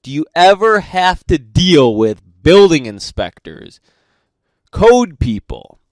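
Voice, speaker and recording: A man with a high-pitched, swooping voice rants in a casual comedic way, swearing freely and asking exasperated questions. He takes his time, and his voice sounds dry and close with little room echo. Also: sing-song, slow. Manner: profane, exasperated ranting. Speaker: podcast host.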